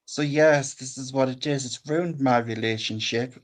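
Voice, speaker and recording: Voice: medium pitch, normal speed. A guest on a casual livestream, speaking indignantly.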